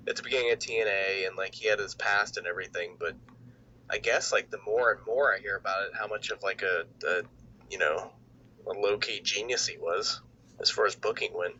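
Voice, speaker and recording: Hesitant man with a bright voice, lo-fi mic. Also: fairly low pitch, slight background noise. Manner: hesitant, filler-heavy, laughs often. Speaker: podcast co-host. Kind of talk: casual wrestling podcast chat.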